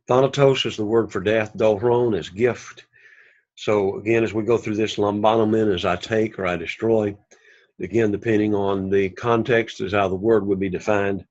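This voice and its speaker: A man's voice: fairly low pitch, moderate pace, a little mellow, dull audio. A man teaching a Greek class, saying each word several times over and explaining where the accent falls. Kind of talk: recorded language lesson.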